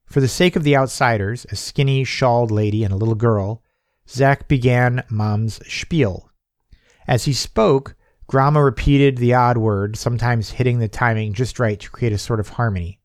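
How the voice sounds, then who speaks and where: A man's voice: medium pitch, darkish tone, dry recording, clean studio sound. A man reading a short story as an audiobook narrator, giving the characters' lines a lifted, livelier delivery. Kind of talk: scripted narration.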